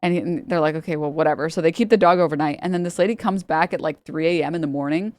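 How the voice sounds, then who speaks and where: A woman's voice: deep voice, fast, no echo. A young adult woman streamer telling a long story casually, rambling and laughing, acting out the people she quotes. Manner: rambling, animated, laughs often, acts out quotes.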